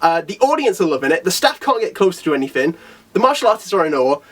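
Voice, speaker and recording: A man chatting excitedly about a comic chapter, laughing often and briefly acting out the characters' lines. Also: high voice, fast, slightly rough, recorded from a distance. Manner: animated, laughs often, quotes characters in little voices. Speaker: anime reviewer. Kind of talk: excited casual chat.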